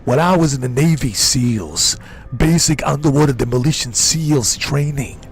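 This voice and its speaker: A gruff older ex-governor boasts in slow, swaggering drawls, as a man does an impression. The voice is gravelly and a little high for a tough guy. He taunts the listener as a macho braggart. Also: darkish tone.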